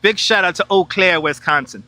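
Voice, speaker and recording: This New York tour guide chats his way through a big city park on a casual live stream, reading out viewer chat and laughing readily. He sounds high, brisk and very bright. His wireless clip-on mic sits close, so there's no echo at all.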